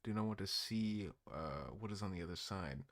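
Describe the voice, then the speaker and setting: A man's voice: low voice, normal speed. A man streaming casual reaction commentary, joking and swearing a lot. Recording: loud background noise.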